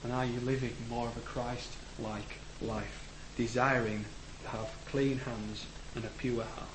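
A man's voice: level tone, a little slow. Earnest man preaching in an echoey church. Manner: earnest, with sudden emphatic rises and trailing low phrase ends. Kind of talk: sermon. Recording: echoey room with faint background noise.

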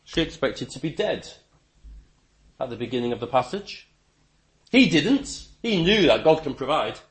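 A man preaching a sermon, emphatic, with stammering restarts and sudden rises in pitch and volume. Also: sing-song, moderate pace.

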